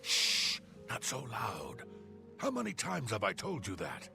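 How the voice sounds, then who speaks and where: An actor voicing a gruff, impatient male smuggler who talks in curt, bossy orders. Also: fairly low pitch, huge pitch swings, measured pace, over music, heavily acted. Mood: curt, menacing.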